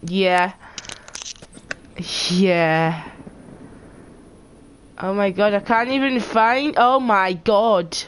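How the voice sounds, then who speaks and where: A woman with a Geordie accent streaming a shooter game, chatting casually with friends and letting out excited exclamations. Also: medium pitch, drawn-out words, pauses often, a little hiss or hum, low-quality recording. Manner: swears freely, excitable exclamations. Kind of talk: casual gameplay chat.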